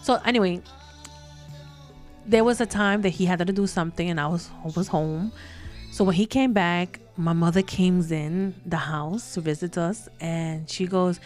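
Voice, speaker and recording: Animated New York woman telling stories. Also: fairly low pitch, normal speed, soft background music. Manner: animated storyteller, acts out quoted voices. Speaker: co-host. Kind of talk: casual storytelling chat.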